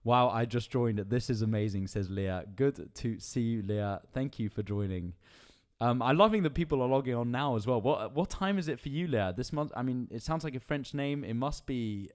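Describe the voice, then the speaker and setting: A man's voice: medium pitch, expressive, normal speed, darkish tone. A male band singer hosting a casual live stream, reading viewer comments aloud in a chatty, upbeat way and laughing often.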